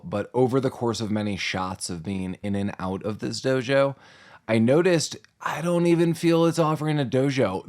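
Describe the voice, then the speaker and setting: A man co-hosting a podcast, rambling and laughing as he talks through a film. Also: on the low side. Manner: giggly, rambling with fillers. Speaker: podcast co-host. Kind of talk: casual movie recap chat.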